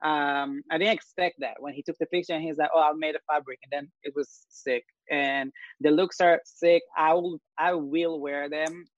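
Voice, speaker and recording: An upbeat man hosts a casual panel chat, his voice sitting a little high. He talks in easy slang and laughs often. The sound is dry and a bit dull, like a lo-fi recording. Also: fairly even intonation, moderate pace, few pauses, no echo. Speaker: host.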